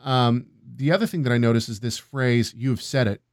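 A man co-hosting a casual scripture discussion, reading passages aloud and thinking out loud, often checking in with "right?". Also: medium pitch, a little fast, no room sound, studio quality. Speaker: co-host of a Bible discussion.

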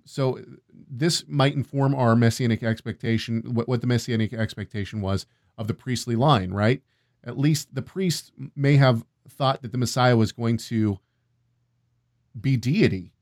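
A man co-hosting a casual scripture discussion, reading passages aloud and thinking out loud, often checking in with "right?". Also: mid-range voice, unhurried, dry recording, clean studio sound. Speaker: co-host of a Bible discussion.

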